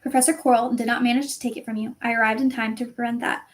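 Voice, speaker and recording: A kindly old male headmaster who speaks calmly and with gentle, dry humour, as a woman reads him. The voice sits a little high, close to the reader's own, in this storybook reading. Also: fast talker, lightly acted.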